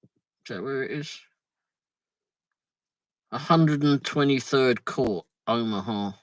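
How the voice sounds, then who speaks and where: A livestream host with a mid-range voice chats casually while travelling in a vehicle on the road. He speaks slowly, reads out viewer comments, and mutters asides. The recording is dry and of poor quality.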